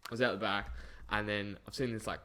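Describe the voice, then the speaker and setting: A man co-hosting a casual chat show, quick and blunt, swearing offhandedly. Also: on the low side, fairly even intonation, bright, forceful tone. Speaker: co-host.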